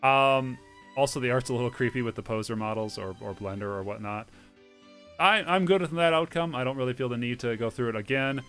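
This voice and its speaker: Man reading a game aloud, halting. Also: medium pitch, fairly bright tone, faint music behind. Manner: halting, with fillers and small misreadings. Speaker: let's play host. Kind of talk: reading game text aloud and commenting casually.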